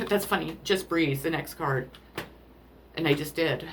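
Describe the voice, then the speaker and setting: Emotional low-voiced woman reading oracle cards. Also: unhurried, slight background noise. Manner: emotional, apologetic, rambling. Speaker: tarot card reader. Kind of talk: spiritual card reading.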